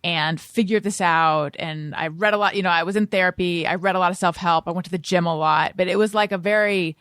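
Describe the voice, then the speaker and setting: A woman hosting a conversational podcast, her voice pitched fairly low for a woman. She speaks reflectively and often murmurs agreement as her guest talks. The sound is close and dry. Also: fairly even intonation, fast talker, fairly bright tone, dry recording. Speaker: podcast host. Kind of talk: casual interview.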